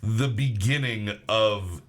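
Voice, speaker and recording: A man's voice: fairly low pitch, takes it slowly, a bit bright. A man co-hosting a podcast, chatting loosely and swearing, with frequent restarts. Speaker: podcast co-host. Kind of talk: casual podcast chat.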